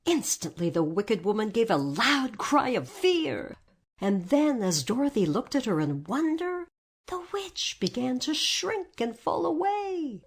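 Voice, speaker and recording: A woman narrating a storybook aloud in an expressive read-aloud manner. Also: on the high side, unhurried, slightly rough.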